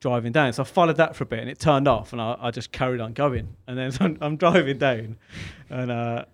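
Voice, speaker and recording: A man's voice: mid-range voice, brisk. A young man with a Birmingham accent, telling a long sweary story on a casual podcast and acting out both sides of it. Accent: Birmingham English. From England. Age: young adult. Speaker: podcast co-host.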